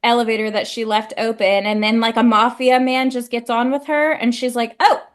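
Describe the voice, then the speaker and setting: A woman's voice: a little high, flat delivery, fairly quick. A young woman co-hosting a book podcast in casual, laughing chat, with lots of "like". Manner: chatty, laughs often, says like a lot. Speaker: podcast co-host.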